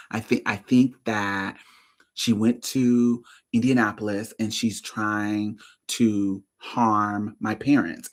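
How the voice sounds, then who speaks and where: A woman podcast host telling a story in a casual, animated, profane way. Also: very deep voice, slightly rough. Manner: animated, profane, dramatic retelling.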